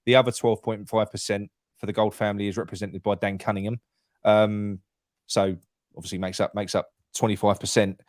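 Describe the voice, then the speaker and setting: A man's voice: lowish voice, little pitch movement, brisk, dry recording, clean studio sound. A man with a London accent hosting a football fan phone-in, chatty and loose, swearing freely and restarting his sentences. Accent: London English. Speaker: phone-in host. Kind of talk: casual fan phone-in chat.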